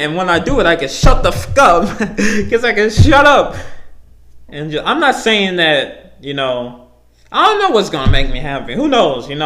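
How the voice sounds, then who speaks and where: A young man talks alone on his podcast in a rambling, profane rant full of fillers. His voice sits a little high for a man and jumps between loud, heated bursts and low mutters. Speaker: podcast host. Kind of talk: casual solo rant.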